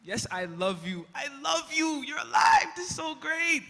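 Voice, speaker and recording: Peter, a young man playing an excitable fisherman. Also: fairly high pitch, moderate pace. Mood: excited. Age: young adult. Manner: excitable, rambling, comic. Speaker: student actor in a school skit. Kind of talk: stage skit acting. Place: school auditorium. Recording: reverberant hall.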